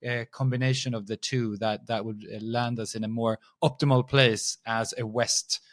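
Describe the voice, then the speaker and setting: A man's voice: mid-range voice, steady tone, moderate pace, no echo, studio quality. Hesitant man asking interview questions. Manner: hesitant, many restarts and fillers. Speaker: podcast host.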